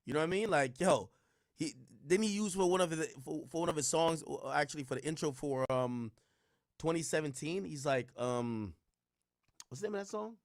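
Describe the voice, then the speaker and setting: A man's voice: fairly high pitch, moderate pace, no room sound, studio quality. A man streaming casual reaction commentary, rambling and slangy with frequent restarts.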